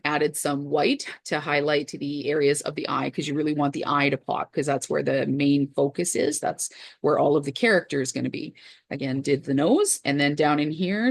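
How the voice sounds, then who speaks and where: Woman, low voice, gravelly, chatty craft tutorial host, dry close sound. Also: no room sound. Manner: chatty, talks through each step with fillers.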